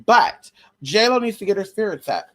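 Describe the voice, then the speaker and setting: A woman's voice: mid-range voice, lively intonation, normal speed, fairly bright tone. A woman hosting a live stream, chatting casually about celebrity spirits with a sassy, brash, slangy manner and plenty of swearing. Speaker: livestream host. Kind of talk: casual spiritual gossip chat.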